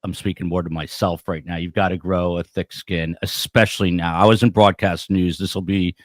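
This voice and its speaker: A male interviewer with a very low voice, talking in loose, conversational bursts with plenty of ums. The sound is dry and close, with no room around it. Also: flat delivery, brisk, no echo. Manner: conversational, filler-heavy. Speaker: podcast host. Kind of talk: interview questions.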